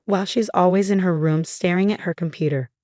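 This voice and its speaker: A woman's voice: on the low side, fairly quick, mellow, dry recording, clean studio sound, close to an everyday voice. A woman voicing a scornful young sister who turns pleading and unsure, in a storybook narration.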